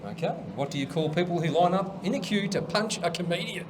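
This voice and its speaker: A man's voice: high voice, animated, a little fast, noisy background. A man hosting a comedy show, chatty and telling jokes, laughing at his own punchlines. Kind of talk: stand-up joke telling.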